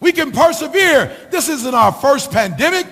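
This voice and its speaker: A man's voice: very high-pitched, sing-song, moderate pace, bright, forceful tone. A middle-aged man giving a motivational speech, preaching with a sing-song rhythm and piling up rhetorical questions. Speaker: motivational speaker. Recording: long hall reverb.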